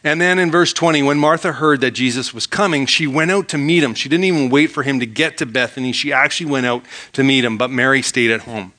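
A man's voice: mid-range voice, fast talker, few pauses, pushed and bright. A man preaching a sermon as pastor, reading scripture aloud and then unpacking it with rhetorical questions put to his listeners.

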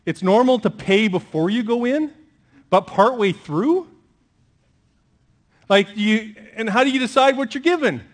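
High-voiced male pastor joking. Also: lively intonation, a little slow, long pauses. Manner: conversational, joking with the congregation. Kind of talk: sermon.

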